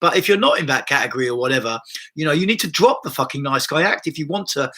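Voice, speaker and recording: A man's voice: fairly high pitch, lively intonation, fast talker, pushed and bright, husky. A man hosting a livestream on body-based therapy, talking casually and bluntly, swearing freely and restarting his sentences with many "you know"s.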